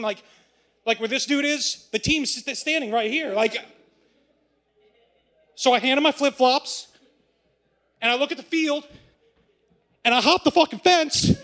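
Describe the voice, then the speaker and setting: Brief: high-pitched American-born man, rowdy live storyteller, swears freely. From United States. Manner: excitable, profane, laughing as he tells it. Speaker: storyteller on stage.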